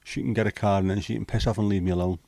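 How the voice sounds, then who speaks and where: A man's voice: on the low side, fairly even intonation, very fast, vocal fry, darkish tone, dry recording. A middle-aged man hosting a casual livestream chat, reading out viewer comments and answering them bluntly, swearing freely. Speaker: livestream host.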